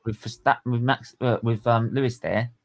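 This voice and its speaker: Excitable man hosting a stream. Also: mid-range voice, moderate pace, creaky, rough recording. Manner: excitable, laughs a lot, shouts when retelling. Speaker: stream host. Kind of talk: casual watchalong chat.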